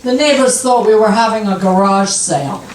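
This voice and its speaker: An older woman doing a stand-up comedy set, delivering punchlines in an unhurried deadpan way. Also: mid-range voice, a little hiss or hum. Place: comedy club stage. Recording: echoey club from a distant mic.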